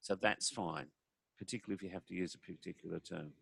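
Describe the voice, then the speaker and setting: Deep-voiced man, gravelly, dry close sound, talking to a room about communication. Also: fast, fairly bright tone, no echo. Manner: conversational, demonstrates voices while explaining. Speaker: speaker on communication. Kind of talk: presentation talk.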